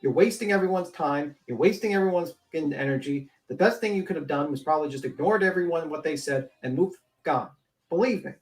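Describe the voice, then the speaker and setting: A man hosting a commentary show, ranting bluntly and scornfully with heavy swearing. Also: high-pitched. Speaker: commentary channel host.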